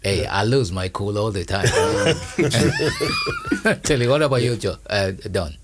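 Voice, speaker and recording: A man co-hosting a podcast in casual chat, asking questions in a playful, animated way. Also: lowish voice, a little fast, heavy background noise. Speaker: podcast co-host.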